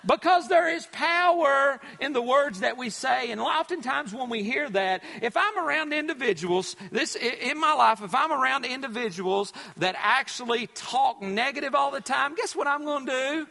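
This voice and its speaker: Male pastor, bright, high and animated voice, sermon in a reverberant church hall. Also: normal speed, vocal fry, hardly any pauses. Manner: preachy, repetitive emphasis with many fillers.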